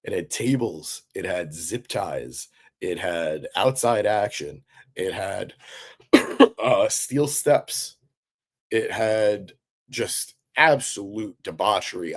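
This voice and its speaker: A man's voice: low-pitched, slow pace. A man hosting a live-stream recap, talking casually and with enthusiasm, answering chat with lots of fillers. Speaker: wrestling recap host.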